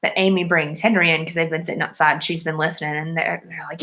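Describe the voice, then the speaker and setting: A woman's voice: low-pitched, steady tone, brisk, pushed and bright. Chatty woman retelling a movie plot. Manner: chatty, lots of "like" and "um" fillers; earnest and enthusiastic about the film. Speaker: movie reviewer.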